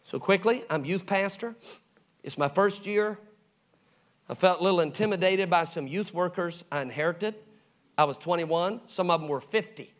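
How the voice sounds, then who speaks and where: A middle-aged man preaching with a somewhat high voice. He tells his stories with animation, playing out each voice and sinking into soft, low tones when the story turns tender. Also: moderate pace. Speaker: pastor. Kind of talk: sermon storytelling.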